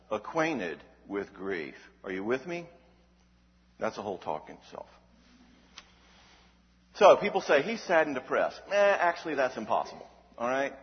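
A man giving an emphatic Christian teaching talk, asking rhetorical questions and checking in with "all right?". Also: medium pitch. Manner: animated, emphatic delivery. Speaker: Christian speaker on emotional health. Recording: dull recording with long hall reverb.

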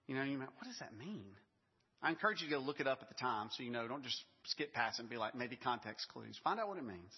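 A male pastor delivers a sermon in a relaxed, storytelling manner, mixing in laughs and asides. His voice is slightly husky and sits at an ordinary pitch. The recording is a little dull, with the long reverb of a large hall. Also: racing, hardly any pauses. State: briefly choked up with emotion.

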